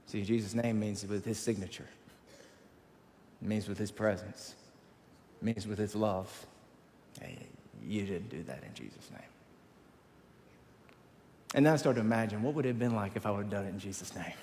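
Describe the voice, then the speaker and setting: A man preaching as a campus pastor, telling a story in an animated, self-mocking way. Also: on the low side, normal speed, pauses often, a little hiss or hum. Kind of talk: sermon storytelling. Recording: long hall reverb.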